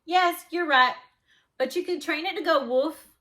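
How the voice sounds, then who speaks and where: With a sharp tone and measured pace, a woman reads a picture-book story aloud and takes on the voice of a keen male animal shelter keeper. That character relentlessly promotes unusual pets in a bubbly, salesman-like manner.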